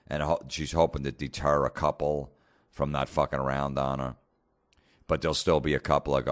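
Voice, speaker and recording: Very deep-voiced man ranting bluntly. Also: level tone, a little fast. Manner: profane, blunt storytelling. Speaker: comedian and podcast host. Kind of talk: casual podcast rant.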